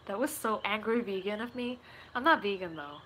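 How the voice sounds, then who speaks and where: A woman's voice: mid-range voice, animated, normal speed, fairly bright tone, a little hiss or hum. A woman, chatting casually and rambling through viewer questions, giggling often. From Puerto Rico. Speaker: gaming YouTuber.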